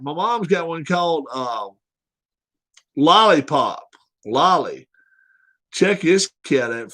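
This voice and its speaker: High lively man ribbing a viewer. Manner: blunt, joking, profane. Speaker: livestream host. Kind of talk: casual livestream chat.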